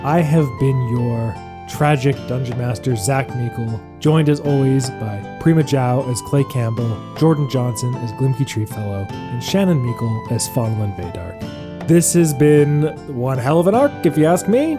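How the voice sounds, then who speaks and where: A man's voice: mid-range voice, animated, measured pace, over music. A man hosting and narrating as dungeon master of a tabletop game podcast, upbeat and playful with a self-mocking tone.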